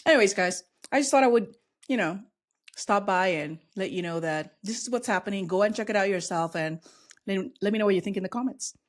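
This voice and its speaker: A woman's voice: medium pitch, brisk. An American woman vlogging a casual, outspoken reaction to the news, sassy and gleeful as she comments. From United States.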